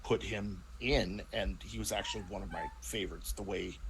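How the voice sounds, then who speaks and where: A man with a fairly low voice, chatting loosely about the game he plays in. He talks in a rambling way, breaking off and restarting sentences, with faint noise behind him. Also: animated, moderate pace, vocal fry. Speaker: player in a tabletop role-playing show. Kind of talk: casual chat.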